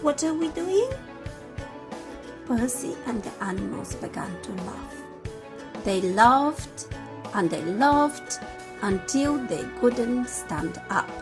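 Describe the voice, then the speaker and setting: A woman reading a children's picture book aloud in an expressive storytime manner. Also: a little high, slow pace, over music.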